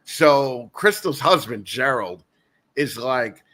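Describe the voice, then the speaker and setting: Casual podcast chat from a man guest hosting the show. He talks in a bright, forward voice and tells his story in loose, rambling loops, restarting his sentences and laughing as he goes. His pitch sits in the middle of the male range. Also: animated, slow. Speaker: guest host.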